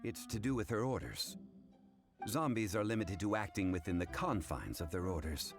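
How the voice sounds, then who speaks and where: A man voicing a polite, learned young gentleman who speaks formally and courteously. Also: lowish voice, lively intonation, normal speed, over music.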